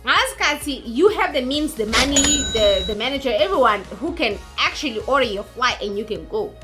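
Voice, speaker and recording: A woman's voice: fairly high pitch, expressive, moderate pace, pushed and bright, soft background music. A woman recapping a movie in a chatty, mocking way, acting out characters as she goes. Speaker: YouTuber.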